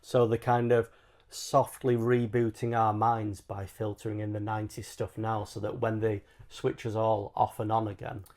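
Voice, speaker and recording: A man co-hosting a podcast, telling stories in relaxed, jokey banter. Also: on the low side, moderate pace. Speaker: podcast co-host. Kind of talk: casual chat.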